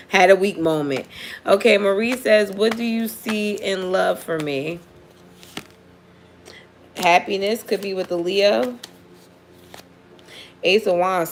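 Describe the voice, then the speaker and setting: A woman giving a casual live tarot reading for viewers, blunt and profane, often laughing as she talks. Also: lowish voice. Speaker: tarot reader.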